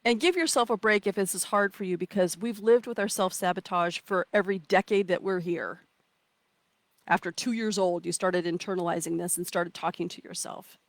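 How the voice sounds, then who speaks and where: Speaking at a moderate pace in a voice on the low side, a woman coaches a live online session outdoors. She's warm and playful, encouraging viewers, reading their comments and acting out inner voices, in a dry recording.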